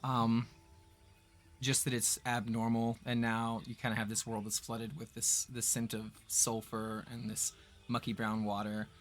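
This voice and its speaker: A man at mid pitch narrating a tabletop game as game master. He talks in a relaxed, rambling way and fills his sentences with ums and likes. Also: a little slow, faint music behind. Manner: relaxed, rambling, lots of fillers.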